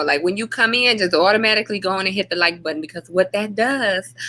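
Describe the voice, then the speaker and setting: A woman chats casually on her own livestream. Her voice is bright and ringing. She greets viewers by name in long, drawn-out hellos and keeps the talk loose and friendly. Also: lowish voice. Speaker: livestream host.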